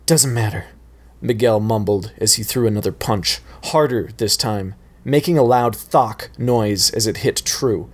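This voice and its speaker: A man's voice: lowish voice, unhurried, few pauses. Laid-back man reading his story aloud. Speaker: fan fiction author reading his story.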